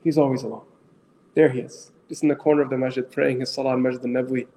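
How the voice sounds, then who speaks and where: A middle-aged man, an Islamic scholar with as his tongue, tells stories to an audience in an animated way, asks his listeners questions and mixes in phrases. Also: medium pitch, fast, slight background noise. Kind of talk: storytelling talk to an audience.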